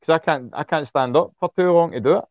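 A man's voice: a little high, a little fast, dry recording, phone-quality sound. A man, speaking bluntly and heatedly as an interview guest, swearing freely and repeating himself when worked up. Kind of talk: impassioned casual interview talk.

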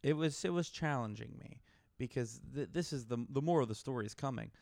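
A man's voice: mid-range voice, quick pace, gravelly, darkish tone, dry recording, studio quality. A young man co-hosting a podcast, telling a story in casual chat and acting out both sides of it. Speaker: podcast co-host.

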